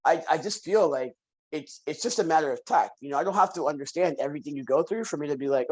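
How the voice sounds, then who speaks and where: A man with a somewhat high voice talks as a podcast guest in easy conversation. He tells stories with animation and says key phrases again and again for weight. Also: fast, husky, poor audio. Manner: animated storyteller, repeats phrases for emphasis. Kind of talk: casual conversation.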